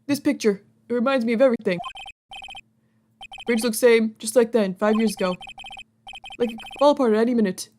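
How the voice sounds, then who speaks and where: A woman's voice: a little high, a little fast, pauses often, darkish tone, a little hiss or hum, close to an everyday voice. A woman voicing a simple-minded grown man on death row who speaks in blunt, broken English. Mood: pleading.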